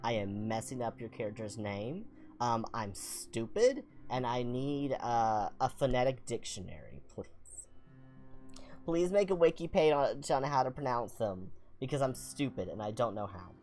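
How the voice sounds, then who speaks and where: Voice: mid-range voice, big pitch swings, normal speed, darkish tone, faint music behind. A young adult streamer from the American South with a Southern accent, telling a rambling, self-deprecating story and reading game text aloud in a casual let's-play. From Southern United States.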